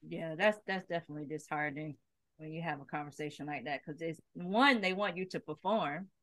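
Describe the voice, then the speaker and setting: Low-voiced woman podcast host. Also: a little fast, a bit bright, no room sound. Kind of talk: interview questions.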